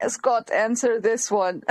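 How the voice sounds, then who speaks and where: A woman hosting a casual chat, telling an animated story with lots of quoting, laughing and restarts. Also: a little high, takes it slowly, no echo. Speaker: host.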